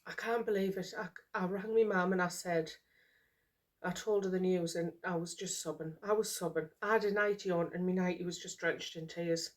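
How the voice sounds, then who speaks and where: At a moderate pace and with fairly even intonation, a middle-aged woman from the UK speaks in a fairly low voice during a casual vlog to camera. Having cried all morning, she is overwhelmed and emotional, and she sighs and repeats herself.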